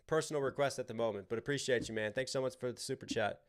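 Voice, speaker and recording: A man's voice: medium pitch, quick pace. Loose, swearing American man streaming live. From United States. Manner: animated, loose and profane, with frequent restarts. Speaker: livestream host and rapper. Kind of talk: casual live-stream chat.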